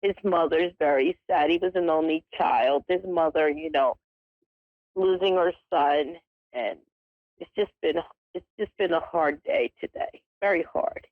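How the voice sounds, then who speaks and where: A grieving woman calling in, speaking softly and tearfully about a hard day. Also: low voice, a little slow, dry recording. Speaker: caller. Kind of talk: emotional phone-in call. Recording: dull lo-fi call audio.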